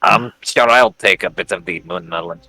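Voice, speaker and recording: A man's voice: sits low, normal speed, sharp tone, dry recording, faint music behind. Blunt, sarcastic man player. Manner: blunt, sarcastic, swears freely. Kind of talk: casual tabletop game chat.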